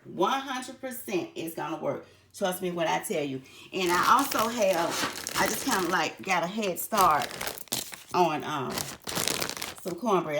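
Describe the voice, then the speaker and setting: A woman's voice: fairly low pitch, background noise. An older woman teaching a recipe in a chatty way, often calling her viewers honey. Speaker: home cook. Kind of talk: cooking tutorial.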